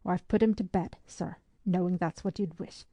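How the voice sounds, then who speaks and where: A woman's voice: fairly low pitch, fairly even intonation, moderate pace, dark tone, slightly rough, no echo. A woman voicing a talkative, fussing, motherly housekeeper who nurses a sick young man in an audiobook.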